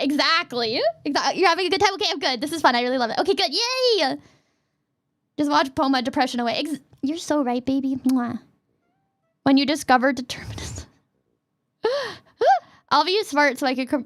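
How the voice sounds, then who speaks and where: A young adult woman streaming as a VTuber, chatting casually and playfully with her chat in quick jokey asides. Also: high voice, animated.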